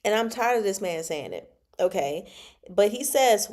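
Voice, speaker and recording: A woman hosts a casual livestream book chat with an animated, exasperated energy. She laughs often and talks back to the characters, and her voice sits at an ordinary middle pitch. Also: normal speed. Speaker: book club host.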